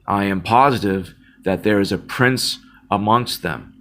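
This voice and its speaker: Earnest man with a low voice. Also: unhurried, bright, forceful tone. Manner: earnest, repeats words and restarts often. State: choked up, near tears. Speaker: Christian video blogger. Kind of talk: impassioned casual monologue.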